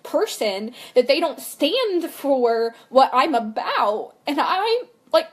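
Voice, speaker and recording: A woman's voice: sits high, sing-song, takes it slowly. A young woman and mother talking candidly in a personal vlog, earnest and rambling, full of fillers and "like". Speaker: vlogger and mother.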